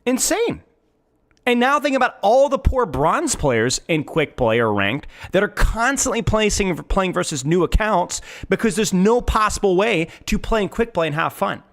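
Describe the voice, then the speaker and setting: A man's voice: high-pitched, very animated, normal speed, a bit bright. A man streamer giving emphatic gaming commentary, repeating his points.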